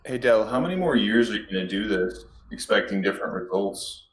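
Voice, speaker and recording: A man's voice: lowish voice, lively intonation, brisk, echoey room, rough recording. A man on an online panel needling the host, repeating the same challenge and trading crude insults in a heated argument. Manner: taunting, persistent, insulting.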